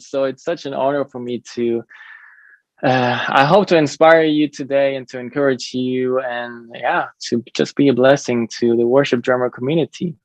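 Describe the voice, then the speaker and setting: A man's voice: mid-range voice, no echo, lo-fi sound. A man from Germany with a German accent, a drummer and drum teacher, talking earnestly as a podcast guest in a drum lesson room. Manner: friendly, earnest, many fillers. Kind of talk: casual interview conversation.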